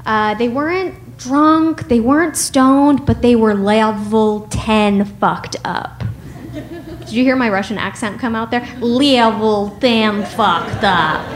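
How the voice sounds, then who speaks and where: A woman's voice: fairly high pitch, a little hiss or hum. A woman from the United States telling a personal story with wry humor and frequent laughs.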